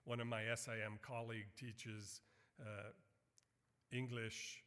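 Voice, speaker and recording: A middle-aged man preaches with earnest conviction, his mid-pitched voice swelling when he quotes scripture. His words ring out with a long reverb trailing through the church hall. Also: takes it slowly. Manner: earnest, rises to loud animated emphasis on quotes. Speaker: missionary preacher. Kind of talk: sermon.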